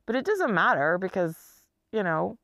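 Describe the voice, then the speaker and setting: A woman's voice: medium pitch, sing-song, moderate pace, fairly bright tone, no echo, clean studio sound. An exhausted woman speaking bluntly and emotionally about her own life, sometimes dropping to a near whisper. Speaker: chronically ill person speaking to camera. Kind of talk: candid personal monologue.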